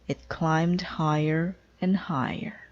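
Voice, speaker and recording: A woman reading a children's storybook aloud in a gentle, measured way. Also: deep voice, fairly even intonation, dull audio, slight background noise. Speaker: storybook reader.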